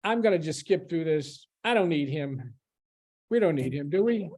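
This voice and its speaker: A man gives a public lecture as a library's guest speaker, talking to the audience in a conversational, explanatory way. His voice is mellow and warm. He often pauses and restarts a thought midway. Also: fairly high pitch, expressive.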